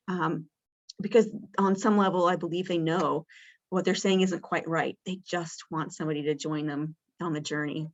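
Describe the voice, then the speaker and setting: A woman's voice: low-pitched, steady tone, moderate pace, dull audio. Chatty woman teaching dementia caregiving. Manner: warm conversational teaching with many fillers; acts out caregiver lines in a bright, lifted voice. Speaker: dementia care presenter. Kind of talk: interactive training session.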